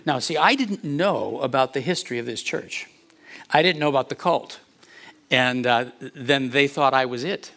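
A male pastor telling a story in a sermon, animated, chuckling often, and repeating words as he goes. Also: mid-range voice, normal speed, vocal fry.

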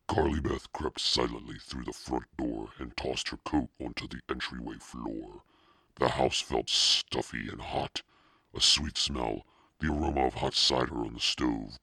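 A man narrates an audiobook in a very deep voice with a gravelly fry. His tone is bright and a little husky. The sound is dry and close. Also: steady tone, measured pace, dry recording. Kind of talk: scripted narration.

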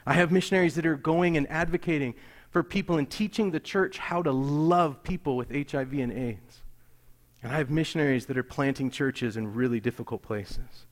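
Middle-aged male pastor, animated storyteller with a slightly higher voice, sometimes drops to a near-whisper. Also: moderate pace. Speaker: pastor serving missionaries. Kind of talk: sermon storytelling.

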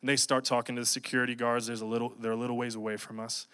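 A young man preaching, telling a funny personal story in an animated, jokey way. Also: mid-range voice, very fast, smooth. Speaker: pastor. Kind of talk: storytelling sermon.

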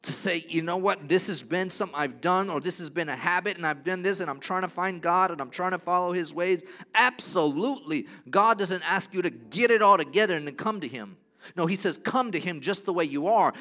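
Bright-toned emphatic male preacher. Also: normal speed, soft background music. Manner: emphatic and repetitive, swinging between soft low passages and loud rising declarations. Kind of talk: sermon.

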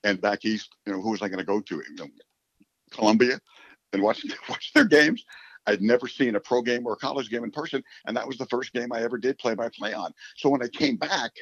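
An older man from New York City, a sportscaster, rambling through a long interview answer with repeated words and animated asides. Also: mid-range voice, brisk, no echo. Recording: slightly dull, dry recording.

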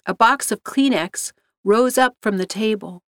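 A woman reading a scripted story aloud in an even, measured way. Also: a little high, no echo, clean studio sound. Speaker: narrator.

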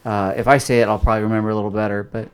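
A man's voice: lowish voice, level tone, rapid-fire, smooth. A young adult man hosting a casual podcast on faith, explaining loosely with plenty of fillers. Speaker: host.

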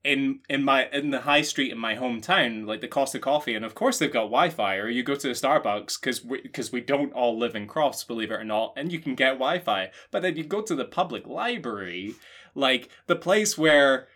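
A Scottish man co-hosting a podcast, riffing through jokes in a deadpan, rambling way. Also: mid-range voice, moderate pace. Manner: deadpan, rambling joking riffs. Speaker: podcast co-host. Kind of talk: comedic casual chat.

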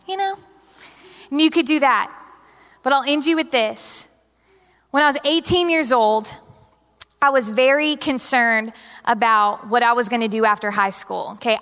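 A young woman preaches from the stage of a large church, her fairly high voice carrying a long hall reverb. She tells personal stories with a dramatic, animated flair and speaks straight to the congregation. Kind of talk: sermon.

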